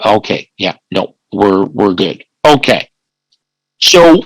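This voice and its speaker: Giving an online slide presentation, a male family law attorney speaks at medium pitch with a fairly bright tone. He performs quoted lines of dialogue and fixes his own sentences partway through, in poor-quality audio without echo.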